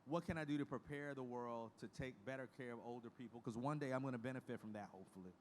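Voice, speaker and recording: A man's voice: mid-range voice, fast, a little hiss or hum. A man in his fifties giving a conference keynote as the head of an industry association, speaking frankly in a folksy way and moving from statistics into personal stories. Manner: frank, folksy, emotional storytelling. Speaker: association leader giving a presentation. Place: conference stage.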